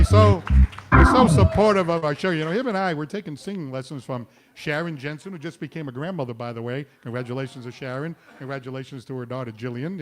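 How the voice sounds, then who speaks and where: Punning comedy show host, man. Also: on the high side. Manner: punning, self-mocking, quick asides. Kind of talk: stand-up jokes and banter. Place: restaurant.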